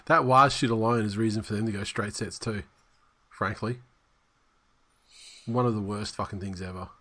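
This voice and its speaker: A man's voice: fairly low pitch, fairly even intonation, normal speed, bright, forceful tone. A man co-hosting a sports podcast, bluntly ranting and reading team lists. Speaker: podcast co-host. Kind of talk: casual sports chat.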